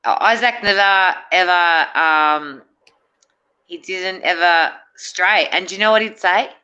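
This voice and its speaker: Rambling woman, bright lo-fi voice. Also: fairly low pitch, measured pace, clear, resonant tone. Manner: rambling, hesitant, many fillers and restarts. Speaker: guest. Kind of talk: casual chat.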